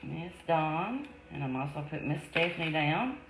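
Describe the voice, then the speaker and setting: A woman hosting a live jewelry sale, chatting warmly with viewers and calling them sweetie, love and darling. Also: sits low, animated, moderate pace, slight background noise. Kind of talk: live-stream selling chat. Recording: echoey room.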